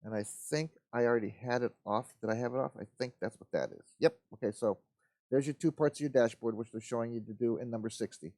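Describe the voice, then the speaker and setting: A man hosts a live model-building show, talking casually as he works. He rambles and mutters to himself in an easygoing, folksy way, at a middle pitch. The sound is dry and close. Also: fast, darkish tone, dry recording. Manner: rambling, talks to himself while working.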